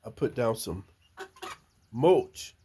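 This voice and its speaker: An older man, chatting slowly and fondly to his backyard chickens outdoors. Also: medium pitch, animated, mellow, a little hiss or hum. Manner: slow, drawling, talks fondly to the birds. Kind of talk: casual chat talking to his hens. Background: chickens clucking.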